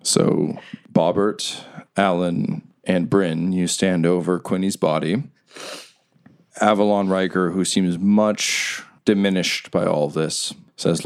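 A man with a very low voice narrates a tabletop game as its game master. His tone is gravelly, and he tells the scene vividly, easing his pace for dramatic beats. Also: fairly even intonation. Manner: vivid storytelling, slowing for dramatic moments.

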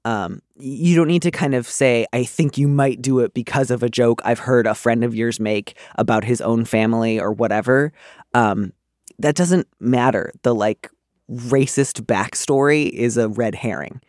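Gentle chatty man giving advice, dry sound. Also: medium pitch, normal speed, no room sound. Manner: gentle, chatty, many fillers. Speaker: advice columnist host. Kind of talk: casual advice podcast chat.

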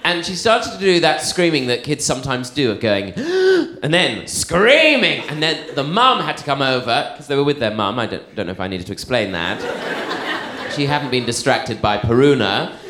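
A man's voice: medium pitch, very animated, normal speed, pushed and bright, roomy sound, a little hiss or hum. A man performing stand-up, telling a playful, digressive story in a theatrical way. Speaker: stand-up comedian.

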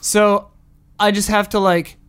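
A woman's voice: mid-range voice, flat delivery, measured pace, smooth. A woman playing a tabletop role-play game, chatting playfully and reading out results. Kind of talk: casual game chat.

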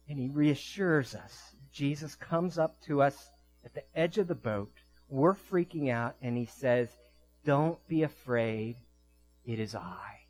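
A man preaching a sermon as pastor, telling vivid stories in quick bursts and slowing down to soft, quiet emphasis. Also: fairly high pitch, rough recording.

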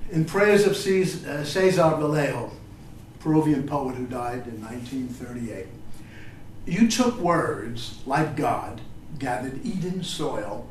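An older man giving a poetry reading, chatting haltingly between poems and reciting them with feeling. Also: on the high side, a little hiss or hum. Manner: halting, filler-laden talk between expressive recitations. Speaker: poet. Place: reading venue with an audience. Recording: roomy echo, distant mic.

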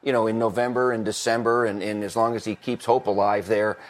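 A man's voice: lowish voice, flat delivery, fairly quick. A middle-aged former football coach chatting on a podcast, talkative, laughing often and restarting his sentences. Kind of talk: casual podcast chat.

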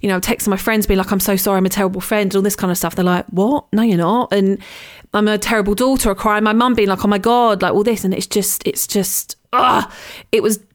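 A woman in a casual podcast chat, mid-pitched and expressive. She talks openly and with animation, breaking into laughs and stumbling over repeated words. Her delivery is conversational and unscripted. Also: quick pace. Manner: candid and animated, with laughs and repetitions. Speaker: podcast co-host.

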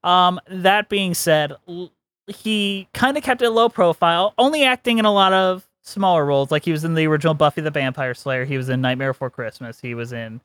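A man's voice: fairly high pitch, fairly quick, a bit bright, no echo. A man co-hosting a podcast, chatting casually and giving strong opinions, laughing often. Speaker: podcast co-host. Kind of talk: casual chat.

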